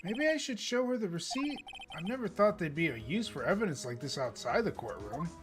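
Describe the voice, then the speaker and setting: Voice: medium pitch, big pitch swings, fairly quick, over music. A let's-play gamer narrating a courtroom game and adding joking asides between voiced lines. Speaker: let's play gamer reading the story aloud. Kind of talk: casual game dub and narration.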